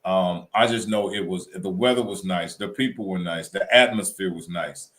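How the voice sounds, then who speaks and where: A man co-hosting a casual chat show, telling weekend stories in an animated, colloquial way. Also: sits low, moderate pace. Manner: animated storytelling, Southern colloquial. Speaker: co-host.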